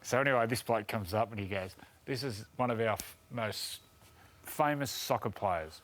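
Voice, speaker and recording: A man with an Australian accent, co-hosting a rugby league show and telling animated stories with laughter. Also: fairly low pitch, normal speed. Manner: laughs through animated anecdotes. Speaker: co-host. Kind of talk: casual storytelling.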